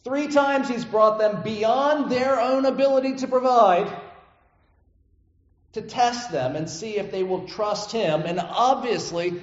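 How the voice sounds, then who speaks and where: A man with a high voice preaches a sermon in an easy, conversational manner and keeps checking in with "right?". The room is echoey, and the recording sounds a little dull. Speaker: pastor.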